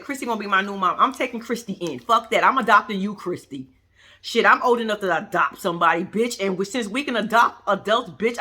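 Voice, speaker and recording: Brash, animated woman ranting to viewers. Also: mid-range voice. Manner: blunt, profane and animated, talks to viewers. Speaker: reaction vlogger. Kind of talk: casual reaction commentary.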